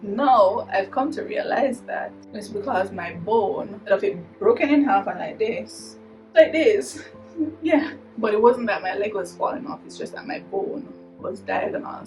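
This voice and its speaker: A woman's voice: mid-range voice, normal speed, far from the mic, rough recording. A young woman with a Jamaican accent, telling a dramatic personal story in a vlog, laughing often as she goes. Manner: animated, dramatic retelling with frequent laughs. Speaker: vlogger. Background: music.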